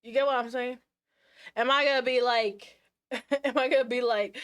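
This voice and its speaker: A woman talking casually to her live stream chat at her desk mic. She is sassy and full of slang, and she keeps breaking into quick asides and restarting her sentences. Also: a little high, steady tone, smooth.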